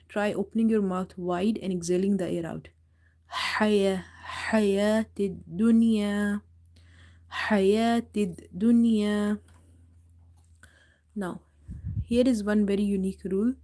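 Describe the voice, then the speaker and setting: A woman leads a live tajweed lesson in a mellow, warm voice. She recites each verse slowly, repeats it, then calmly explains the rule behind it. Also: mid-range voice. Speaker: Quran recitation teacher.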